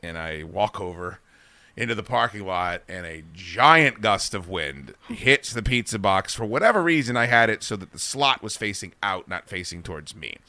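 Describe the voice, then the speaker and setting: Bright-voiced man telling a profane story. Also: lowish voice, no echo. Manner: rambling, profane, animated anecdote-telling. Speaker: podcast host. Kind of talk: comedic storytelling.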